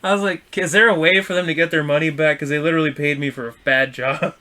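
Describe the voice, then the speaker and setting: A young man co-hosting a podcast, telling a story in a loose, animated way, swearing and acting out what people said. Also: fairly high pitch, fast talker. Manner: animated, swearing, acts out quotes. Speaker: podcast co-host. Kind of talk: casual storytelling chat.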